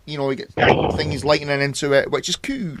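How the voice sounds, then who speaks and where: A man's voice: a little high, fairly even intonation, a little fast, a bit bright, slight background noise. A man hosting a casual podcast chat, leading the talk and swearing freely.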